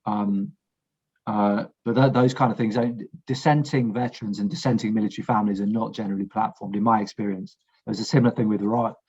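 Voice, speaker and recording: Husky low-voiced man, frank podcast guest, dull lo-fi recording. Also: steady tone, fast talker, darkish tone. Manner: frank, blunt, swears, restarts sentences. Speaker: war veteran guest. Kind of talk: casual podcast conversation.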